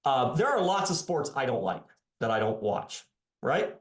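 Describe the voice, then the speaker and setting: A man in his fifties, an economics professor, talking in a podcast interview in a sarcastic, animated way. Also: mid-range voice, normal speed, roomy sound. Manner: animated and sarcastic, voicing his critics mockingly. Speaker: economics professor and author, guest.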